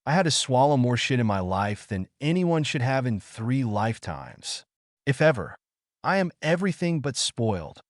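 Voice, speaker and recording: Brief: male reader voicing a feral, foul-mouthed young fighter, animated delivery, dry close sound. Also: mid-range voice, moderate pace, no echo, natural voice. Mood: furious. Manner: crude, taunting. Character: brash defiant young man, crude and feral.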